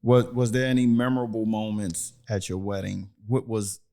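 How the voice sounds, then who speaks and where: A man's voice: lowish voice, fairly even intonation, moderate pace, dark tone. A man hosting a podcast interview. He is friendly, backchannels often and restarts his questions. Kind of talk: casual interview.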